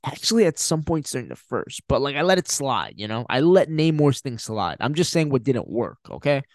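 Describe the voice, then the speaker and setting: A man's voice: medium pitch, sing-song, a little fast, no echo, clean studio sound. A man hosting a podcast, giving a casual, emphatic film review with frequent swearing and laughter. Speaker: podcast host.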